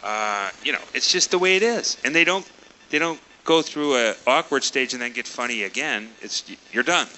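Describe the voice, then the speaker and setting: Bright, emphatic man with lively pitch. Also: normal speed, a little hiss or hum, poor audio. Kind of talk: casual chat.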